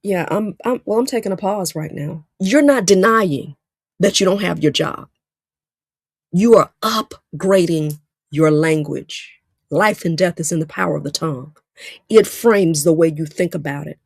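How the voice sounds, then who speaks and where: A woman's voice: on the low side, unhurried, vocal fry, husky, dry recording. Emphatic, preachy woman coach, dry sound. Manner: preachy, emphatic, repeats phrases. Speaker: career coach. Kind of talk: live-stream coaching talk.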